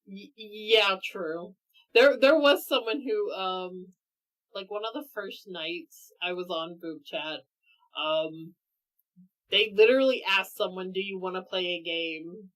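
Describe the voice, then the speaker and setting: A woman's voice: mid-range voice, slow pace, fairly bright tone, low-quality recording. A woman chatting casually as a guest on a stream, easygoing and giggly. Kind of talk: casual chat.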